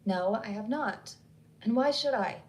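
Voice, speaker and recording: A woman's voice: on the high side, a little slow, close to an everyday voice. A woman reading as a curt, cold woman. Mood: curt, angry. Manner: curt and clipped, defensive.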